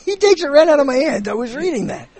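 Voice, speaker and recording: A man hosting a casual film chat, animated and jokey. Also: very high-pitched, quick pace. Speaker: podcast host.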